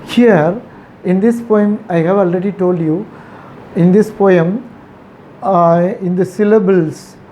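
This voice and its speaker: A man with an Indian English accent teaching a poetry lesson, pausing often with "uh" and repeating words to drive a point home. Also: sits high, dark tone, slight background noise. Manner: halting, many "uh" fillers, repeats words for emphasis.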